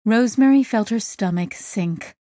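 A woman narrating a science fiction story in a steady, clear reading voice. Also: mid-range voice, moderate pace, dry recording, studio quality. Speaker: audiobook narrator. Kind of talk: scripted narration.

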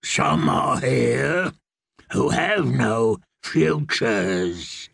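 A male narrator puts on a hideous old crone who croaks out prophecy in a deep, gravelly rasp. She drags every word out slowly, her voice husky and swooping wildly up and down. The sound is close and dry. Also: big pitch swings, fairly bright tone, no room sound, full character voice. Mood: menacing. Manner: slow, menacing, drawn-out. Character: ancient toothless female witch, malicious.

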